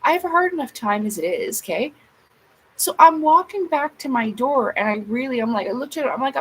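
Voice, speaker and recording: An agitated woman swears her way through a vlog rant, replaying her side of arguments for viewers. She speaks a little fast in an animated, high-pitched voice, and the poor audio carries faint background noise.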